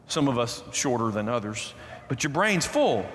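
A man's voice: mid-range voice, big pitch swings, normal speed, a bit bright. A man preaching a sermon as pastor, emphatic and repeating his key phrases. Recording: reverberant hall, roomy echo.

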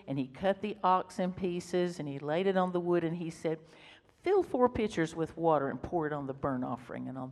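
A woman's voice: sits low, darkish tone. A woman preaching a sermon, reading scripture emphatically and breaking off into casual explanatory asides. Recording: reverberant hall.

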